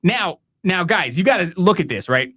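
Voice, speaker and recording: A man's voice: high voice, animated, normal speed, bright, forceful tone, husky. An American man hosting a podcast, telling a story in a profane, mocking rant and laughing at his own tale. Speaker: podcast host.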